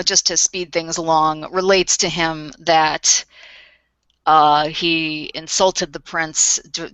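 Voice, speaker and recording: A woman narrating her character in a tabletop role-playing game, hesitant and full of ums and restarts. Her voice is very low and bright for a woman, and she speaks slowly. The sound is dry and close. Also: dry recording, low-quality recording.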